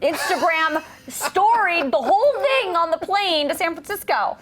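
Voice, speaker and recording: A woman co-hosting a morning talk show, chatting in an animated, easily laughing way. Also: very high-pitched, unhurried. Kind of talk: casual chat.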